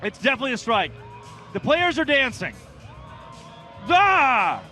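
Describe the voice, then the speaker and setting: A man calling a live baseball game from the broadcast booth, excitable and jokey, often shouting the big plays. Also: extremely high pitch, quick pace, faint music behind, some chatter behind. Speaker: play-by-play announcer.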